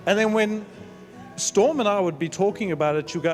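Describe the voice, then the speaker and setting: A middle-aged man giving a sentimental, halting wedding speech as father of the bride. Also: high-pitched, faint music behind. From South Africa. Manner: sentimental, storytelling with halting restarts. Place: wedding reception.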